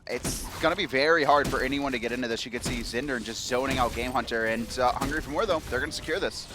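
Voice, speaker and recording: A man giving fast play-by-play commentary on a video game match, joking and acting out players' chatter. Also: medium pitch. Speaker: esports caster.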